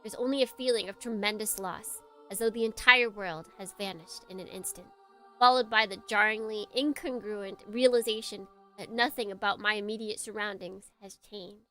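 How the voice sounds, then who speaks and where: A woman streamer playing a visual novel, laughing at the story and reading its narration aloud in a hushed, dramatic tone. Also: medium pitch, steady tone, normal speed, soft background music. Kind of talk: let's play commentary and dramatic reading.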